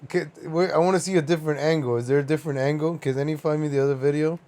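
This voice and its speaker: A man's voice: fairly high pitch, steady tone, very fast, darkish tone. Swearing, laughing livestream host man. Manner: laughs often, swears freely. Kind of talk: casual reaction commentary.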